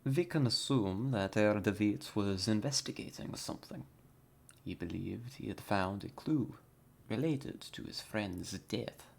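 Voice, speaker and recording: A man's voice: fairly low pitch, measured pace, vocal fry. A man voicing a formal male informant with an amateur put-on German accent, stiff and formal. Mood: grave.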